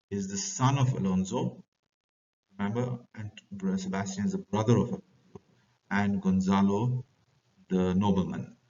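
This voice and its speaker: A man with an Indian English accent teaches a class, stopping to read quoted lines from a play with more force before explaining them. His voice sits a little low. The recording is muffled and lo-fi, and he sounds set back from the microphone. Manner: reads quoted lines louder and higher, then paraphrases plainly. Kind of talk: reading and explaining a play to students. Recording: lo-fi, distant from the mic.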